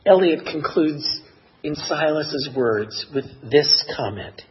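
A man preaching a sermon in an expressive, measured way that builds to emotional emphasis. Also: fairly high pitch, slightly rough, lo-fi sound. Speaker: pastor.

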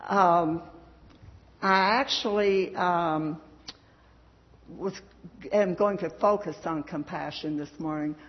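A woman's voice: fairly low pitch, takes it slowly, pauses often. A middle-aged woman with a Southern US accent, giving a folksy devotional talk with fillers and reading scripture aloud. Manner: chatty, folksy, with frequent fillers. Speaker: church speaker. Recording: echoey dull hall sound.

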